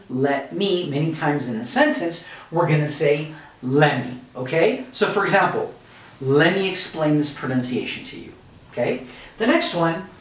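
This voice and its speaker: A man teaching English pronunciation in a video lesson, modeling words slowly and often checking in with "okay?". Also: fairly high pitch. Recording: roomy echo, mic at a distance.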